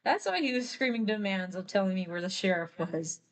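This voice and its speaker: A woman's voice: expressive, fairly quick, lightly acted. A woman voicing a kindly female scientist full of remorse, speaking in a raised, wavering, exclamatory voice. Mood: remorseful. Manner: high, wavering, exclamatory quoted voice.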